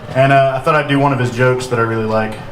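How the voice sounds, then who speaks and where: A man giving a halting, informal eulogy at an outdoor memorial, full of pauses and dry jokes. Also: medium pitch, steady tone. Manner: hesitant, many "uh" fillers, dry humor. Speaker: memorial speaker. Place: outdoor gazebo. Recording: echoey, distant, noisy.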